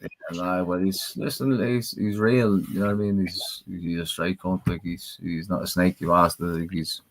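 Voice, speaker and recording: A man's voice: sits low, steady tone, moderate pace, few pauses. A man in casual podcast chat, telling rambling stories and swearing freely. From Ireland.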